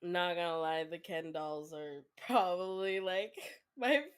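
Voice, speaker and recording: Woman, soft-spoken, sick with a cough, unhurried, giggly, casual stream chat. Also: on the low side, clean tone. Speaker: guest streamer. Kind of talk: casual chat while drawing.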